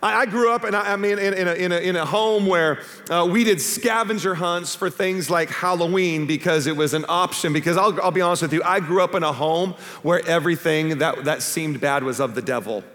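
A man preaching a sermon as pastor, animated and humorous, asking the congregation questions. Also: high voice, brisk, hardly any pauses, big-room sound. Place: church stage before a live congregation.

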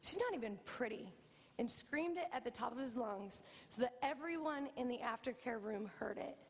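A middle-aged woman pastor preaching a sermon, telling a family story with lively, animated delivery. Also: a little high, moderate pace, in a large hall. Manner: storytelling, animated, acts out quoted voices. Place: church.

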